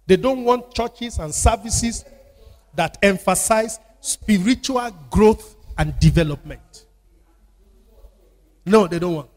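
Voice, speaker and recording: A man with a Nigerian accent preaching a sermon as pastor, repeating phrases and calling on the congregation to answer. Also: high-pitched. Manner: call-and-response preaching with repetition. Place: church. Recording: church hall with long reverb.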